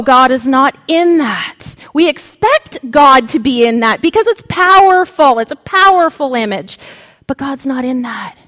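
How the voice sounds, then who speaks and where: A woman preacher giving a sermon, speaking slowly and dramatically with long pauses. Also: high-pitched, fairly bright tone, long reverb tail.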